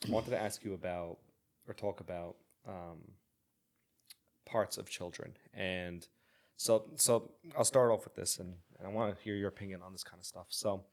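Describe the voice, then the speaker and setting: A man's voice: low-pitched, steady tone, normal speed. A man hosting a podcast, talking earnestly in a casual interview, often restarting and repeating words. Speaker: podcast host.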